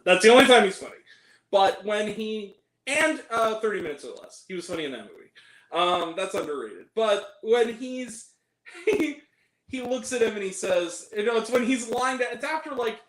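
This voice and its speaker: A man hosting a casual chat about movies, animated and laughing often, acting out quoted lines. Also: sits high, roomy sound, rough recording. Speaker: channel host.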